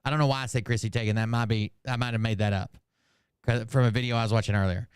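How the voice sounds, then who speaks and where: Medium in pitch and fairly even in intonation, this commentary channel host speaks at a quick pace, rambling casually, losing names, and swearing in asides. The tone is clean, and the recording is dry with clean studio sound.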